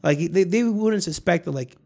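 Gravelly-voiced rambling podcast host, a man. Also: high-pitched, animated, normal speed, a little mellow. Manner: rambling, profane, storytelling with many restarts. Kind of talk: casual chat.

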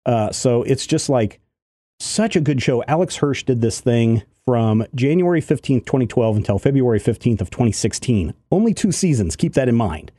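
A man's voice: medium pitch, animated, normal speed, no room sound, clean studio sound. A man co-hosting a casual chat, an easygoing father sharing a story. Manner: warm, easygoing dad telling an anecdote. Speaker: podcast co-host.

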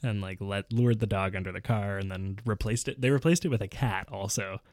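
A man, co-hosting a podcast and telling a story in casual, animated chat. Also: fairly low pitch, brisk, dry recording, studio quality. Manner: storytelling, animated when quoting. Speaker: podcast co-host.

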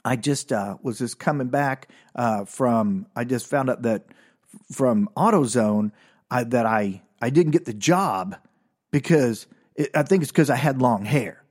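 A man's voice: medium pitch, lively intonation, a little slow, darkish tone, husky. A man voicing a rambling, slightly dim young man with long hair who keeps stumbling over his words. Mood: sheepish.

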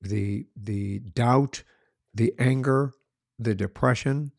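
A man's voice: mid-range voice, takes it slowly, creaky, a little mellow, no echo, studio quality. A middle-aged man co-hosting a casual film review chat, talking earnestly and often restarting his phrases.

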